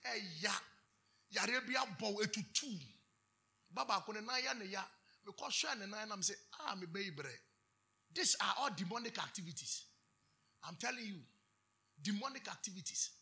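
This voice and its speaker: A man with a Ghanaian English accent preaching a sermon, moving between chanted shouted declarations and quiet storytelling. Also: high voice, normal speed, gravelly, long pauses, slightly rough.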